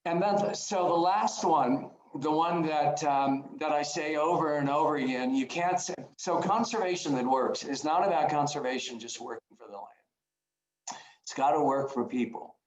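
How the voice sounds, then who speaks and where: A man's voice: fairly high pitch, moderate pace, reverberant, highs cut off. A man giving a conference talk over a video call, earnest and at times emotional, often restarting phrases. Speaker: conference speaker.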